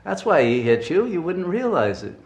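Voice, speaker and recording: A man's voice: high-pitched, sing-song, normal speed, voice pushed up. Man playing a laughing old Zen master who barks at a student, heard in an echoey room. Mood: amused scolding. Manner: scolding yet amused, exclamatory.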